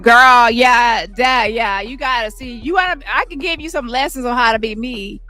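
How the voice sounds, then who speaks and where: A woman's voice: a little high, normal speed, pushed and bright, soft background music. Brash cursing woman ranting. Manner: brash, mocking, repetitive, heavy cursing. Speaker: commentary channel host. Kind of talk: profane ranting commentary.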